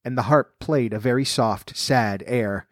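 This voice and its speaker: A man reading a fairy tale aloud at a steady, measured pace. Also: medium pitch, no room sound, clean studio sound. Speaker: storyteller.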